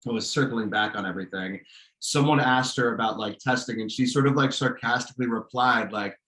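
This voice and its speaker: A man's voice: mid-range voice, fairly quick, sharp tone, echoey room, rough recording. A man co-hosting a podcast, talking casually in an opinionated, ranting way with frequent restarts. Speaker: podcast co-host. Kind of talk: casual chat.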